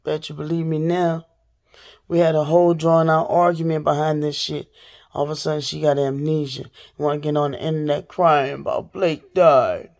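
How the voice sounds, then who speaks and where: Gravelly-voiced woman ranting to camera. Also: low voice, moderate pace. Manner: animated, talks straight to viewers. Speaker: vlogger. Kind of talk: casual storytime rant to camera.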